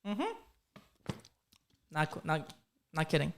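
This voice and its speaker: A man with a slight foreign accent hosts a live-streamed motivational training as a coding career coach, upbeat and repetitive, constantly checking in with "okay?" and "right?". His voice is on the high side and very animated yet slow, with vocal fry and a faint hiss or hum.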